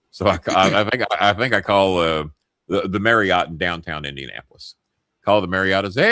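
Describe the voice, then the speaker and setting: A man hosting a show, telling a long story in a profane, animated way. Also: deep voice, a little fast, no echo, clean studio sound. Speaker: show host. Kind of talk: casual storytelling.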